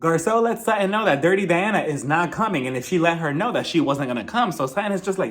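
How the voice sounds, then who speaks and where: Animated, high-voiced young man recapping. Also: quick pace, few pauses. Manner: animated, gossipy, theatrical. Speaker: TV review vlogger. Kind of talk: casual reality-TV recap.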